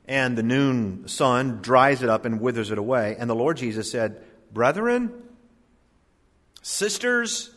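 A man, a pastor, delivering a sermon, swinging between loud emphatic lines and hushed asides. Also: mid-range voice, fairly even intonation, moderate pace, hardly any pauses. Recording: long reverb of a large hall.

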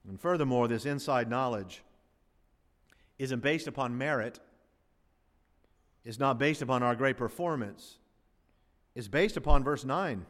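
A man's voice: medium pitch, unhurried, pauses often, a bit bright, in a large hall. A male pastor preaching a sermon to his congregation, emphatic and full of rhetorical questions. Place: church sanctuary.

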